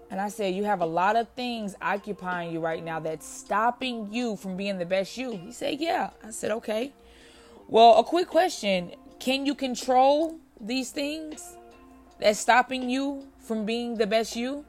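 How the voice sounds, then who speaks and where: A woman's voice: mid-range voice, moderate pace, soft background music. A woman hosting a motivational podcast, telling a story in a conversational way, calling the listener friend and repeating phrases for emphasis.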